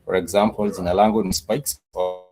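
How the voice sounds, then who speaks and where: Low-voiced man teaching a class. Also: flat delivery, fairly quick, mellow, breathy edge, low-quality recording. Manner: patient, repetitive, says "uh" often. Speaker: Swahili teacher. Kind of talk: live-streamed language lesson.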